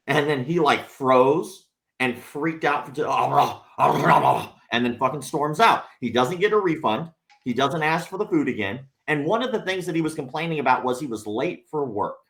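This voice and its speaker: Animated, profane male podcast storyteller. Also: medium pitch. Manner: animated, profane storyteller who acts out quotes. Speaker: podcast guest. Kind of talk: casual storytelling chat.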